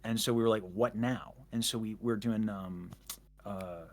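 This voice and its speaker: A man's voice: lowish voice, steady tone, measured pace, darkish tone, a little hiss or hum. Rambling chatty man. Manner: rambling, self-interrupting, jokey. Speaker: guest. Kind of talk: casual chat.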